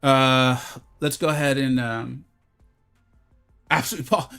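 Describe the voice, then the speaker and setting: Casual male game streamer, mid-pitched, self-deprecating, with faint background music. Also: fairly even intonation, a little slow, vocal fry, pauses often, a bit bright, clean tone. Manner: chatty, self-deprecating, bursts into mock infomercial hype. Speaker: gaming streamer. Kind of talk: live game commentary.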